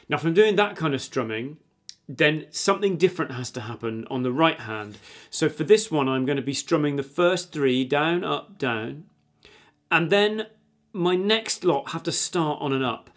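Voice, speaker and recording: A man's voice: fairly high pitch, animated, normal speed. A man teaching a guitar lesson, patiently counting beats aloud and explaining strum directions while he plays. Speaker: music teacher. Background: guitar playing.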